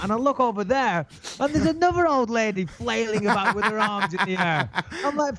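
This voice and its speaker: A middle-aged man telling an animated, swearing anecdote in casual chat, acting out his own panic. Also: high-pitched, brisk. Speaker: guest storyteller. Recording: dull lo-fi sound, dry.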